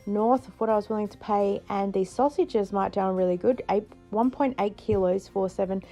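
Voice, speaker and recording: A woman's voice: mid-range voice, moderate pace, dark tone, faint music behind. A middle-aged Australian woman chatting casually in a vlog, laughing often and retelling moments with playful voices. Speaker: frugal living vlogger.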